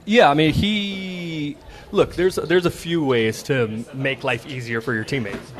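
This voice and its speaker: A man co-hosting a sports podcast, giving measured, analytical commentary. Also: fairly high pitch. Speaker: podcast co-host. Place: arena after a game.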